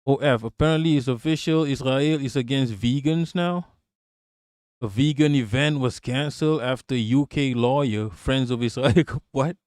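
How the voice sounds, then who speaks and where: A man hosting a live stream in loose, casual chat, joking crudely and calling out viewers by name. His voice sits at an ordinary middle pitch. It sounds dry and close, with no room echo. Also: normal speed, darkish tone.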